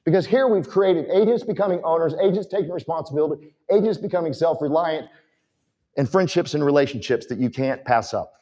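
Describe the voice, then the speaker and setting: A man's voice: a little high, brisk, dark tone, highs cut off. A man giving a motivational talk from a conference stage, emphatic and direct with the audience. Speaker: conference speaker.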